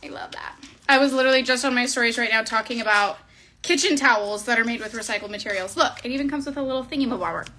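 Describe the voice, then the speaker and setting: Woman, 30s, from Southern California; high, bright, bubbly vlogger voice, chatty and gushing, filmed at her desk on a tripod camera. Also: rapid-fire. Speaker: nail tutorial vlogger. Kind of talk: casual chatty tutorial. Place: home desk area, indoors.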